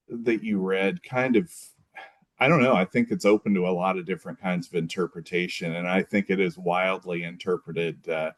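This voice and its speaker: Deep-voiced, hesitant man. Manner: thoughtful, hesitant, many fillers and restarts. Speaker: podcast guest. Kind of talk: casual conversation.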